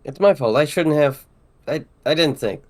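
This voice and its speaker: Sheepish young boyfriend, soft and apologetic, a man reading. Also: a little high, normal speed, lightly acted. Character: earnest young man, shy love interest.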